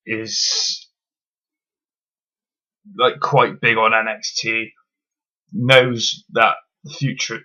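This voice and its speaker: A man's voice: mid-range voice, gravelly, bright, forceful tone, muffled recording. A man giving a casual solo review of a wrestling show, blunt and opinionated, swearing, with lots of ums.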